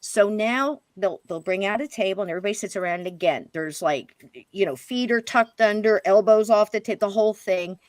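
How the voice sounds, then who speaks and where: Woman spinning a ghost story on a paranormal show, lively, acts out voices, drops to a near whisper here and there, dry close mic. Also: mid-range voice, fairly quick, no room sound. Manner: animated, quotes spirits and herself in hushed voice. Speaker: guest medium on a paranormal show. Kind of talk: storytelling interview.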